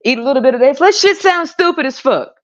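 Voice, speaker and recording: A woman's voice: high-pitched, fast talker. A woman hosting a podcast, ranting casually with profanity and frequent laughter, in a slightly dull recording. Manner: profane, animated, laughs often. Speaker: podcast host. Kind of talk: casual monologue rant.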